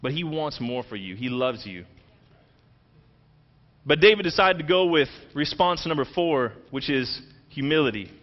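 A man preaching a sermon, retelling a scripture story in animated, conversational language and acting out the quoted lines. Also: on the high side, moderate pace, dull audio. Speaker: pastor.

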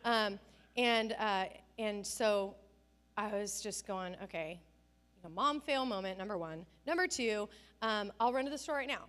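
A woman's voice: medium pitch, measured pace, a bit bright. A woman pastor preaching a conversational sermon, telling stories with self-deprecating humor.

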